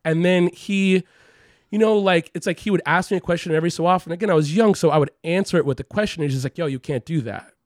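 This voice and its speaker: A man's voice: high-pitched, fast, no room sound, studio quality. Rambling, profane man telling a story. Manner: rambling, heavy use of "like" and profanity, animated quoting. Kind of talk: casual conversational storytelling.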